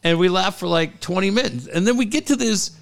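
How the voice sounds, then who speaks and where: A man chatting casually and telling funny stories. His voice sits a bit high and swings widely in pitch. He talks in quick bursts and jumps up when he jokes. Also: animated, creaky. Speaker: co-host. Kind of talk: casual chat.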